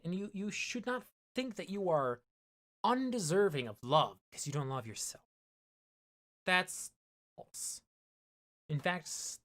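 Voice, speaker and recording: A woman's voice: low voice, fairly bright tone. A woman streamer giving frank, casual commentary while playing a game, swearing freely.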